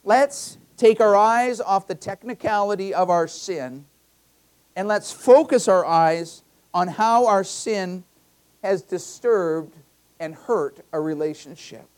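A man's voice: sits high, takes it slowly, a little mellow. Male pastor preaching a conversational sermon. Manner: conversational preaching with personal anecdotes; emphatic, repeats key phrases. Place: church.

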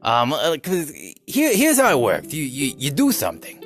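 A man from the New York area with a New York accent, hosting a comedic rant podcast in an animated, rambling way full of restarts. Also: high-pitched, normal speed, few pauses, soft background music. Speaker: podcast host.

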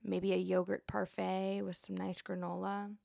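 Chatty young woman with a gravelly edge. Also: mid-range voice, little pitch movement, measured pace, a little mellow, no room sound, clean studio sound. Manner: chatty and rambling, playful asides. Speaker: podcast host and nurse. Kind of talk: casual chat.

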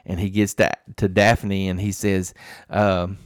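Low-voiced man telling a rambling story. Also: flat delivery, a little slow, no echo. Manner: rambling storyteller, many restarts and fillers. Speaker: podcast co-host. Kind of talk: casual chat.

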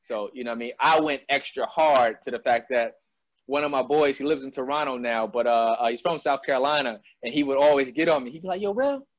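A man's voice: mid-range voice, fast. A man from Albany hosting a casual interview, talking loosely and often checking in with "you know what I mean". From Albany, New York. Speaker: interview host. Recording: dull dry lo-fi sound.

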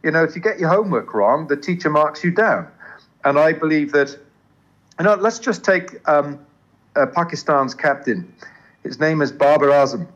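An older man, a cricket commentator, talking earnestly in an interview, with a smooth English accent carrying traces of Southern African and many restarts. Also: on the high side, animated, moderate pace, fairly bright tone, muffled recording. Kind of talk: interview conversation.

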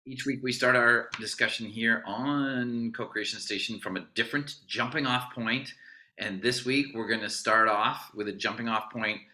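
A man hosting a podcast, enthusiastic and quick to tell a story and laugh. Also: mid-range voice, fairly even intonation, bright, forceful tone. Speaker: podcast host. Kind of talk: casual podcast chat.

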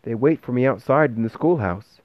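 A man voicing a shy, timid young schoolboy who speaks softly and hesitantly, recorded with a dull, dry sound. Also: medium pitch, lively intonation, normal speed, no echo, voice pushed up, close to an everyday voice.

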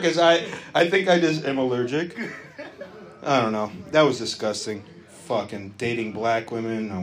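A man's voice: fairly high pitch, fairly bright tone. A man doing profane, brash crowd-work stand-up comedy on stage. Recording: live club audience. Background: crowd laughter.

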